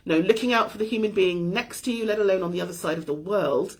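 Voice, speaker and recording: A woman's voice: medium pitch, fast talker, slightly rough. A middle-aged woman hosting a weekly live show, talking candidly and thoughtfully about her week with light self-deprecating laughs. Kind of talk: candid personal reflection.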